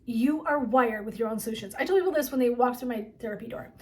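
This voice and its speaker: A woman speaks as a wellness coach and therapist, giving a motivational talk straight to her viewers. Her voice sits a bit higher than most, and her delivery is chatty and emphatic. She leans on "like" and keeps checking in with "right?". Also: fast talker, hardly any pauses, a little mellow. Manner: chatty and emphatic, frequent 'like' and 'right?'.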